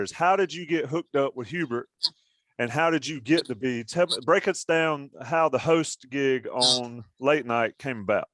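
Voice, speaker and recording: A man co-hosting a sports podcast puts a question to his guest in a loose, meandering way, restarting himself as he goes. His voice sits at a medium pitch, and the recording is dry and close, with no room sound. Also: fairly bright tone, no room sound. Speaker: podcast co-host. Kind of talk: casual interview question.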